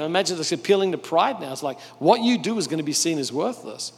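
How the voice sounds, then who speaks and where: A man delivering a sermon as a lively storyteller, his slightly raised voice carrying through a large hall with a long echo. He keeps jumping into the people of his story and acting them out. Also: a little high, brisk, few pauses. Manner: animated storytelling, acting out characters. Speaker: pastor.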